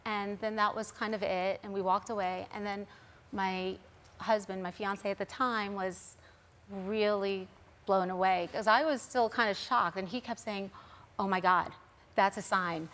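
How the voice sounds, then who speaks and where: A middle-aged woman tells a personal story as a talk show guest. Her pitch sits in the middle, and she speaks earnestly, acting out what others said. The voice is plain and conversational. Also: fairly even intonation, measured pace, a bit bright. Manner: earnest, recounting events with quoted dialogue.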